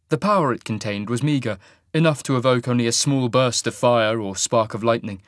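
A man reading fantasy fiction aloud in a measured, even manner. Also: medium pitch, no room sound, clean studio sound. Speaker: audiobook narrator. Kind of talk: scripted fantasy narration.

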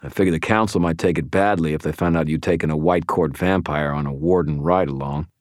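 A man voicing a guarded male vampire, speaking low and clipped. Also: fairly even intonation, a little fast, no echo, clean studio sound. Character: guarded male vampire brother, quiet, wry.

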